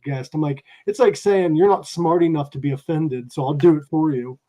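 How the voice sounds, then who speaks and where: A man's voice: a little high, moderate pace, warm tone, poor audio. A man hosting a podcast, chatting casually in a laid-back, swearing manner. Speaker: podcast host.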